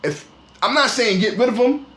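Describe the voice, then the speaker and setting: A man's voice: extremely high pitch, lively intonation, moderate pace, bright, forceful tone, echoey room. A man co-hosting a sports podcast, ranting heatedly in casual talk and often repeating his words. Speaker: podcast co-host.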